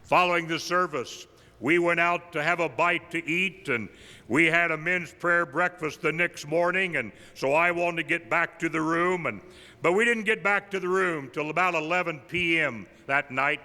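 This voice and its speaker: An older man, an evangelist, tells humorous personal stories at a tribute, delivering his punchlines deadpan. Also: a little high, moderate pace. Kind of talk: folksy storytelling tribute. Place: large camp meeting hall. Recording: live in a big reverberant hall.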